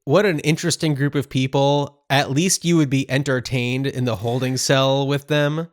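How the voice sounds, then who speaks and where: A man's voice: medium pitch, steady tone, normal speed, no room sound. A man in his forties co-hosting a casual movie podcast. He drops dry quips and short, supportive replies. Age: 40s. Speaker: podcast co-host.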